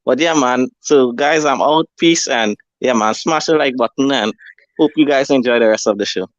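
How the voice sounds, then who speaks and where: A man's voice: mid-range voice, normal speed, dry recording. Man calling in over a dull, dry line. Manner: relaxed, friendly, slangy. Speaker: caller. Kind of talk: casual call-in chat.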